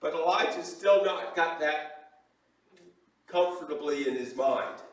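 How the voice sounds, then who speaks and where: A man preaching a sermon as pastor, telling the story with lively acted-out voices for the people in it. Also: a little high, a little slow, very echoey, distant mic, poor audio. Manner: animated storytelling, acting out quoted voices. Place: church sanctuary.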